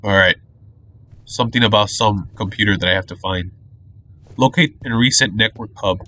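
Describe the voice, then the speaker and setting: A man's voice: lowish voice, moderate pace, bright, forceful tone. A man doing let's play commentary on a horror shooter, jumpy, cursing often and muttering nervously. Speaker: gamer playing a horror shooter.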